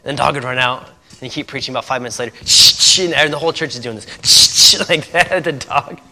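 With a quick pace and a pushed, bright mid-range voice, the man tells stories in a church sermon, laughing at them often. He is a missionary pastor from Indiana, and the recording has a church hall's long reverb.

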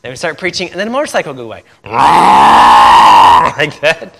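A missionary pastor from Indiana tells stories during a sermon in church, often laughing at them. His voice is a little high, very fast, bright and forceful with big pitch swings, and the church hall adds a long reverb.

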